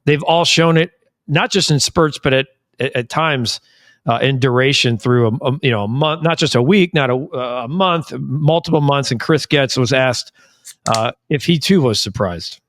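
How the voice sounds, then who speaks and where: A man hosting a sports podcast, speaking in a measured way and steering the discussion. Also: mid-range voice, fairly bright tone, no room sound, clean studio sound. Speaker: podcast host. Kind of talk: casual sports chat.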